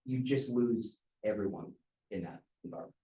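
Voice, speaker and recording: A man runs a training talk at a team meeting, chatty and anecdotal, sometimes lifting or dropping his voice to show inflection. His voice sits at an ordinary pitch for a man. The room echoes around him. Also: moderate pace, dark tone. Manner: conversational storyteller who demonstrates vocal inflection. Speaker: real estate team trainer. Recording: roomy echo.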